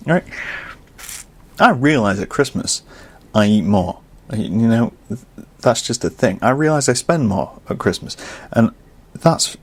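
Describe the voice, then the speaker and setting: A young male podcast host rants casually, his voice swinging between low muttering and loud, exasperated outbursts.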